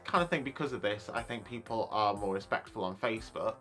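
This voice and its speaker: Casting: young man, YouTuber, casual rant, bright forceful voice, faint music bed. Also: lowish voice, fast talker. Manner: chatty, lots of likes and you knows.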